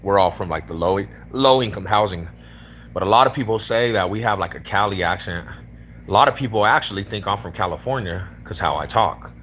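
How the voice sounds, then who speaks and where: Deep-voiced laid-back man from Denver. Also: a little fast, a bit bright, slight background noise. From East Denver, Colorado. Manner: slangy and laid-back, calls people homie, bro and fool. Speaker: livestreamer chatting with strangers. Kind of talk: casual live-stream chat.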